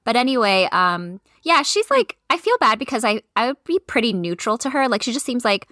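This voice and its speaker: A woman's voice: a little high, very animated, fairly quick, sharp tone, no echo, clean studio sound. A woman co-hosting a podcast, chatting casually and laughing often. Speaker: podcast co-host. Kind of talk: casual chat.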